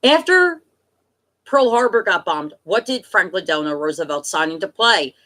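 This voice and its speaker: Exasperated woman ranting, bright voice. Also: on the low side, expressive, normal speed. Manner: exasperated, emphatic, swears often. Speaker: political vlogger. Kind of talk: ranting to camera.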